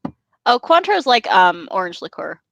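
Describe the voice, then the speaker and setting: A woman's voice: mid-range voice, sing-song, brisk, gravelly, a bit bright, a little hiss or hum, low-quality recording. A woman co-hosting a podcast, reading a book aloud and breaking off into giggly, joking chat.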